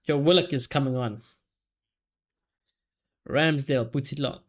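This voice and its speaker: A young man hosting a live football watchalong, reacting excitedly, swearing heavily and shouting when his team scores. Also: medium pitch, measured pace. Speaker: watchalong streamer.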